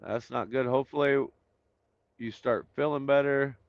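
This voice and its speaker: A man's voice: mid-range voice, steady tone, normal speed, no room sound, lo-fi sound. A man hosting a casual live stream, greeting viewers by name and chatting loosely with lots of fillers while he waits to start. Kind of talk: casual chat reading viewer comments.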